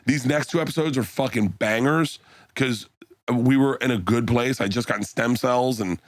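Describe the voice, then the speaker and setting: Animated man telling stories, dry close mic. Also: mid-range voice, normal speed, no room sound. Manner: animated storyteller, acts out quotes, laughs loudly. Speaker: podcast guest, comedian. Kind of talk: casual storytelling chat.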